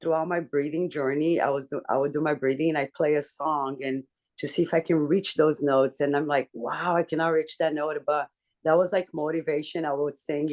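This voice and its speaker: A woman in a casual group chat, telling a personal story candidly with swearing and lots of halting restarts. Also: low-pitched, fairly even intonation, darkish tone. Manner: talks in halting restarts and fillers. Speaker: book club member.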